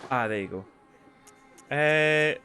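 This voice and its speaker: Rambling gaming streamer. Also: male voice, medium pitch, lively intonation, extremely slow, pushed and bright, faint music behind. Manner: rambling, swears, lots of fillers. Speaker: game streamer. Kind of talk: casual live-stream commentary.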